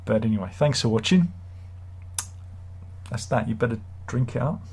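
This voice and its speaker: A man's voice: medium pitch, very animated, moderate pace, long pauses, dark tone, slightly rough. A man hosting a live stream, reading chat comments and grumbling sardonically in a rambling, casual way. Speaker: livestream host.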